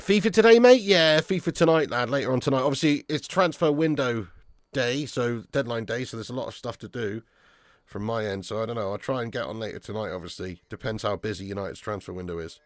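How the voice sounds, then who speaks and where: On his football fan live stream, a young man reads through viewer comments, trading casual banter, laughing often, and using lad and mate with viewers. The voice sits at medium pitch and runs a little fast, with a dry recording and clean studio sound.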